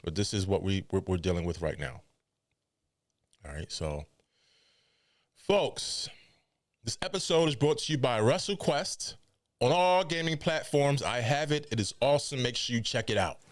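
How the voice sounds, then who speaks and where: A man hosting a wrestling podcast, giving casual, animated news commentary with incredulous asides and mock quotes. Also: mid-range voice, moderate pace, pauses often, no room sound, clean studio sound.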